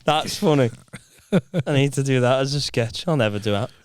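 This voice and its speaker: A man's voice: medium pitch, moderate pace, smooth, no room sound. A man hosting a casual podcast chat, swearing freely, laughing often and acting out voices. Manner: sweary, laughs a lot, acts out drunk voices.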